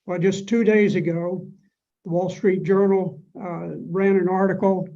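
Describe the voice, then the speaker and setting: A man's voice: high-pitched, level tone, measured pace, dark tone, dull audio. A man giving a prepared, dramatic speech as a panel guest. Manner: dramatic, declamatory. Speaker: panel speaker.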